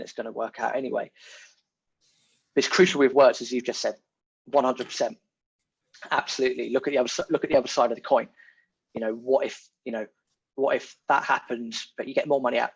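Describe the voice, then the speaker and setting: A man, a podcast guest talking in a casual, animated and emphatic way, repeating his key words. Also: mid-range voice, gravelly, slightly rough. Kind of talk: casual conversation. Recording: muffled lo-fi audio.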